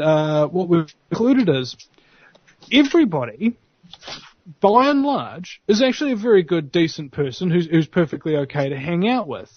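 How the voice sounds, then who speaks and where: New zealand man, fairly high voice, casual talk show guest, slangy, dry dull sound. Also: no room sound. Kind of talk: casual chat.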